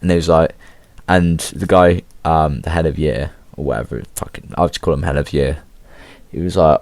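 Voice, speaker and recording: A teenage English lad telling a story in a laid-back, slangy way, swearing often. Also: male voice, rumbling low, fairly even intonation, normal speed, no room sound. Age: teens. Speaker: vlogger. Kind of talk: casual storytelling.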